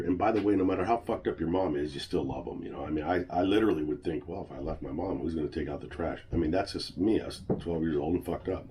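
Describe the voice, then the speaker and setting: A man's voice: deep voice, dark tone. A middle-aged man telling a personal story in a blunt, swearing, venting way. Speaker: channel host. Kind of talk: personal vlog monologue.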